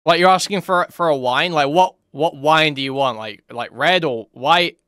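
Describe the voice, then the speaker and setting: Male commentary host, casual reaction style, bright tense voice, dry close sound, incredulous and mocking. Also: fairly high pitch, normal speed, no room sound.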